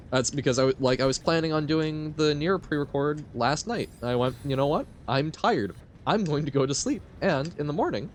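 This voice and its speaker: A man's voice: fairly high pitch, slight background noise. A man streaming a video game live, chatting casually with his viewers, rambling and often laughing. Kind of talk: casual chat while playing a game live.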